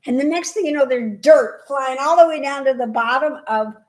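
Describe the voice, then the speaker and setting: An older woman co-hosting a craft podcast, telling stories in a lively, chatty way and acting out other people's voices. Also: sits high, normal speed. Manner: animated storyteller, acts out voices. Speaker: podcast co-host. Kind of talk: casual chat.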